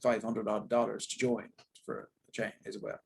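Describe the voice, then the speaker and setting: A young man with an Irish accent speaks openly in an interview. His voice has a breathy, husky edge, and he wanders through his thoughts with self-deprecating candor. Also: lowish voice, little pitch movement, normal speed, darkish tone, low-quality recording. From Ireland. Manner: candid, rambling, self-deprecating. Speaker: actor, interview guest. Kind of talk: casual interview talk.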